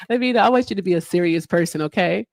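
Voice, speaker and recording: A woman's voice: on the low side, brisk, creaky, darkish tone, no room sound, studio quality. A woman hosting a live online call-in debate stream, chatty and playful, often laughing and teasing her callers. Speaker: livestream debate host. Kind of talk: casual livestream chat.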